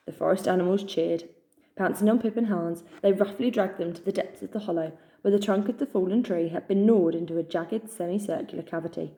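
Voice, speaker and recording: A woman reads a children's novel aloud, pacing her storytelling in a measured way. Her voice sits low and sounds mellow and warm. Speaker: reader.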